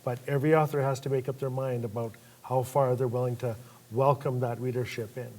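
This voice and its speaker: A man telling stories on a panel at a lecture event, lively and acting out voices of the people in his stories. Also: mid-range voice, fairly quick. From Northwest Territories, Canada. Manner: animated storyteller who acts out voices. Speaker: panel guest author. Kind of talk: storytelling on a panel.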